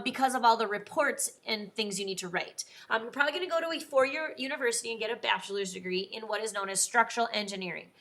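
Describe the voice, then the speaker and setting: Bright, upbeat woman teacher. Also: on the high side. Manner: chatty and upbeat, with frequent fillers and repeated "very". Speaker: teacher presenting a weekly science careers segment. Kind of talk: casual educational talk to students.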